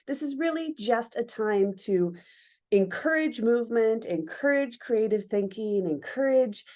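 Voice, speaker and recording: A woman's voice: fairly high pitch, animated, unhurried, darkish tone. A middle-aged woman teaching an online dance lesson, explaining eagerly and voicing movement sounds to show the rhythm. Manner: enthusiastic, explanatory, acts out sounds like pow and sha-pa. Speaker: dance educator. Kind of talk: online lesson with screen share.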